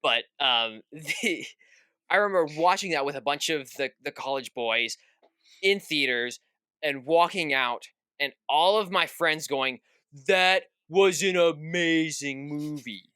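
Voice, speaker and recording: A man's voice: on the high side, lively intonation, a little slow, sharp tone, clear, resonant tone, dry recording. A young man co-hosting a podcast, chatting casually about a film and acting out quoted reactions. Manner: acts out quoted reactions, lots of "at the end of the day". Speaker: podcast co-host. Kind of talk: casual film review chat.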